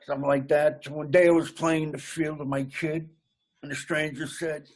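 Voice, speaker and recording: Husky joking comedian man. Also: a little high, fairly even intonation, measured pace. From Massachusetts. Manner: jokey, rambling, laughs at own gags. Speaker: comedian guest. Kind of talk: casual interview chat.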